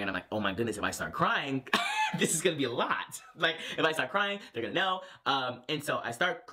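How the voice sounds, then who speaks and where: Young man, casual vlogger, lively storyteller, bright forward voice, lowish pitch. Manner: animated, lots of fillers and restarts.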